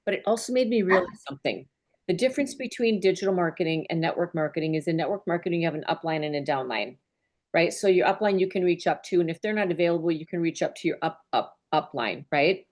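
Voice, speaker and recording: A woman's voice: on the low side, fast talker, darkish tone. A woman business mentor speaking to her team on a group call, earnest and openly emotional in a conversational way. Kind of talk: heartfelt talk on a group call.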